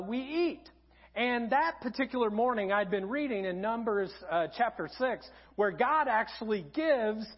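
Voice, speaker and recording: A man preaching a sermon as pastor, telling humorous stories in an animated way in a church auditorium. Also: extremely high pitch. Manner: humorous storytelling, animated and lively. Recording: dull sound in a reverberant auditorium.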